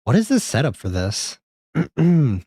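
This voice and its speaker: A man streaming a game live, rambling and joking with chat, swearing now and then, with sudden high-pitched exclamations. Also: huge pitch swings, slow, creaky, mellow, slightly rough, dry recording, studio quality. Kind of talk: live gameplay commentary.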